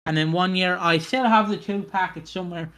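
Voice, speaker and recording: A young man co-hosting a podcast in casual chat, swearing freely and making dark jokes. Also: high voice, fairly quick, clean tone. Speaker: podcast co-host.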